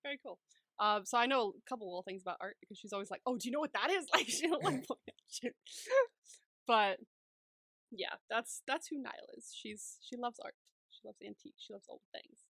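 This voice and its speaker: A woman's voice: fairly high pitch, pushed and bright, no room sound. A woman co-hosting a podcast, recapping a movie in casual chat, laughing often and swearing freely.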